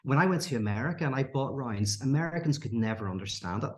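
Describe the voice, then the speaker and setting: Animated man, roomy sound. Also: quick pace. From Northern Ireland. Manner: animated, acts out quoted characters with rising pitch. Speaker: podcast guest. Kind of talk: storytelling in casual conversation. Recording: roomy echo.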